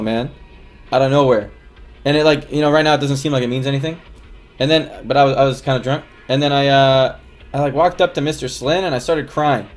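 Rambling male streamer, higher-pitched voice. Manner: rambling, with frequent laughs and fillers. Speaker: livestreamer. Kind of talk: casual storytelling to chat.

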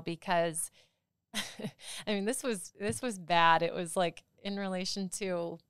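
A woman's voice: on the low side, animated, clean tone, dry recording, studio quality. A young adult woman hosting a casual podcast chat, joking and full of fillers. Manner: chatty, joking, fast filler-heavy talk. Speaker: podcast host, marketer.

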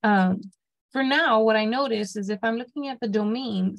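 A woman's voice: medium pitch, gravelly, poor audio. Woman teaching a math class, checking in often. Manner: explains step by step, checks in with "okay?". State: has the hiccups. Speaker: math instructor. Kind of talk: classroom lecture.

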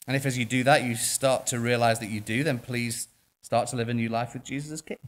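A man with an English accent preaching a sermon in church, impassioned, swinging between quiet passages and loud ones. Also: medium pitch, fairly even intonation, fairly quick. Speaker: pastor.

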